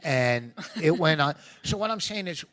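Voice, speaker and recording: A man's voice: a little high, animated, a little slow, a bit bright. Brash East Coast man telling comic stories. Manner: brash, rambling storyteller. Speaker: comedian and podcast co-host. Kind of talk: live podcast banter. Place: live podcast stage before an audience.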